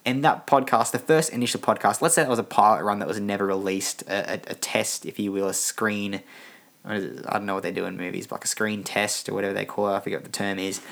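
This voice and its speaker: A man's voice: on the low side, gravelly, fairly bright tone. A young man hosting a casual solo podcast, tired and rambling with many restarts. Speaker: podcast host.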